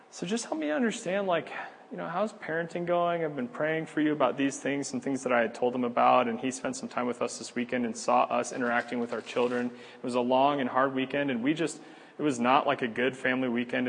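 A man teaching a church class in a relaxed, conversational way, with frequent fillers and easy laughs. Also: medium pitch, big-room sound, a little hiss or hum. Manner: conversational, laughs easily, many fillers and restarts. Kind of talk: casual teaching talk.

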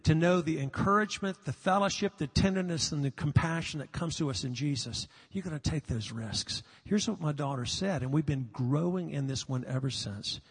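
An older man preaching a sermon, earnest and confessional, sometimes halting on repeated words, recorded live in a large hall. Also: fairly high pitch, slightly rough. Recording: long reverb of a large hall.

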